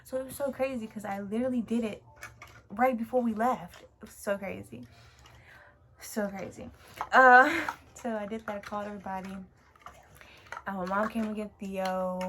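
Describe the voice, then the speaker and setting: A young woman vlogger telling a story in a casual, emotional way, with lots of fillers and casual swearing. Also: mid-range voice. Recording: clear background noise.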